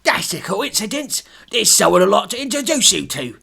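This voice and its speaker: A man doing a loud, chummy London landlord. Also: sits high, sing-song, normal speed, gravelly, slightly rough, pitched above the performer's own voice, heavily acted. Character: brash male London pub landlord, eager to help.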